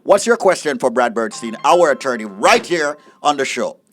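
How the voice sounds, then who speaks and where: Lively joking co-host with swinging pitch. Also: male voice, normal speed. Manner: joking, energetic, lively intonation. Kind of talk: casual radio-show banter.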